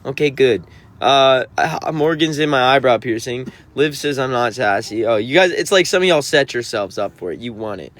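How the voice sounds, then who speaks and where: A man's voice: medium pitch, expressive, moderate pace, a bit bright. A man, a touring musician, reading out and answering viewer comments on a livestream in a sassy, teasing, mock-offended way. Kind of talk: livestream reading chat aloud.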